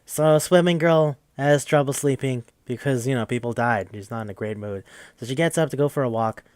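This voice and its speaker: A young man casually recapping a video game for a podcast, rambling, swearing freely and tossing in quick mocking quotes of the characters. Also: medium pitch, darkish tone, clear, resonant tone, dry recording. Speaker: podcast host.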